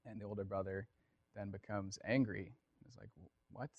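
A man's voice: lowish voice, little pitch movement, moderate pace, dull audio. A man preaching a casual sermon, talking conversationally with lots of fillers and telling a story.

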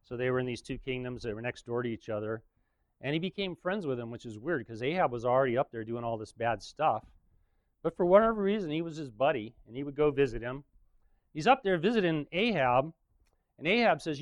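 A man's voice: mid-range voice, animated, a little fast, no echo. A man preaching in a casual, joking way, retelling a story with frequent chuckles.

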